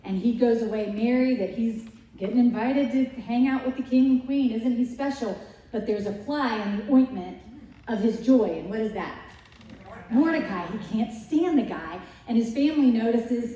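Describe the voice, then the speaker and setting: A woman giving a casual Bible lesson, retelling the story in a lively way with rhetorical questions to her listeners. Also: a little high, normal speed. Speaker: Bible study teacher. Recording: echoey room, distant mic.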